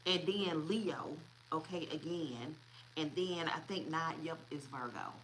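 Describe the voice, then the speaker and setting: Chatty tarot-reading woman, low voice. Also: a little slow, fairly bright tone, a little hiss or hum, low-quality recording. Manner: chatty, repeats herself, laughs often. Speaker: tarot reader.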